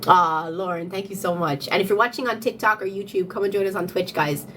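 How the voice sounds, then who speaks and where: A woman's voice: mid-range voice, brisk, background noise. A young Irish woman live-streaming casually, answering chat, laughing often and repeating phrases as she thinks aloud. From Ireland. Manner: giggly, breaks into frequent laughter. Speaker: livestreamer.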